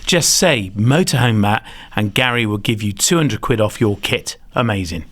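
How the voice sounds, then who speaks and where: A man's voice: on the low side, lively intonation, normal speed, a bit bright. A man hosting a podcast, chatting enthusiastically and giving advice with plenty of fillers. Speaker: podcast host. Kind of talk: casual chat, giving advice.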